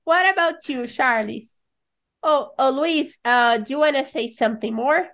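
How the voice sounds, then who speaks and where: A woman moderating a casual English conversation group, speaking in measured, hesitant phrases and asking the others questions. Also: high voice, a bit bright.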